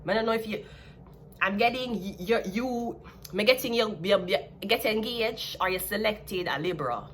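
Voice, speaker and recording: A woman's voice: mid-range voice, moderate pace, slight background noise. A woman with a Jamaican accent giving a blunt, sassy, casual tarot reading. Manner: blunt, sassy, laughs at her own jabs. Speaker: tarot reader.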